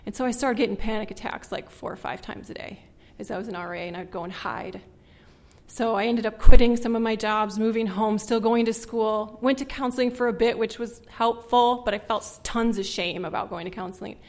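A woman giving a personal testimony in an earnest, conversational way, with frequent "like" and a voice that drops hushed at painful points. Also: a little high, steady tone, fairly quick. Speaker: speaker sharing her testimony.

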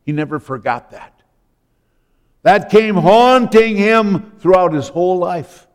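A man's voice: high voice, lively intonation, slow. A man preaching a sermon, retelling scripture stories and voicing the people in them. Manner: storytelling, acting out the biblical speakers. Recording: long hall reverb.

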